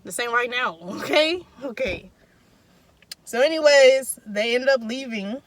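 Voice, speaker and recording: A woman's voice: fairly high pitch, lively intonation, unhurried, no room sound. A young woman in casual storytime, telling a story with emphatic, profanity-heavy slang. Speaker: vlogger.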